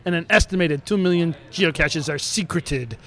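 A man's voice: on the high side, normal speed, pushed and bright. A man hosting a talk show, reading a news story aloud with jokey made-up asides and frequent stumbles over words.

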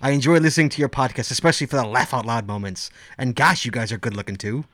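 A man's voice: mid-range voice, quick pace, a bit bright. A man co-hosting a casual podcast who jokes and teases while reading listener emails aloud. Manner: joking, teasing. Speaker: podcast co-host.

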